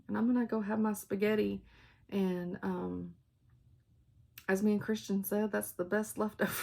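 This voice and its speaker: A woman's voice: medium pitch, vocal fry. A woman hosting a casual show-and-tell chat about stitching, laughing often and stopping to talk to her dogs. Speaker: flosstube host.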